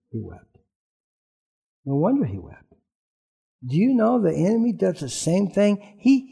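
Gravelly high-voiced man preaching a sermon. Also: warm tone. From rural background. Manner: conversational storytelling with humor. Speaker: pastor.

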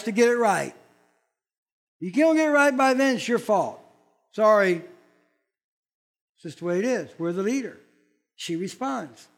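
An older man, a pastor, preaching a sermon in a folksy, blunt manner and acting out quoted voices. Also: sits high.

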